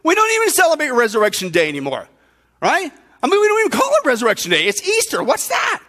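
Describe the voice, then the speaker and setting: A male pastor delivers a sermon in a strikingly high, bright voice. He tells an imagined story and presses the listeners with repeated rhetorical questions. His delivery is animated throughout. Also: fast talker.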